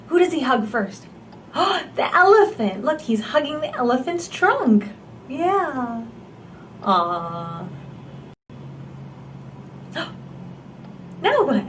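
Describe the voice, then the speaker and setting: Female storyteller for toddlers: slow, gasping, exaggerated picture-book read-aloud with coaxing questions. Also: a little high, slight background noise.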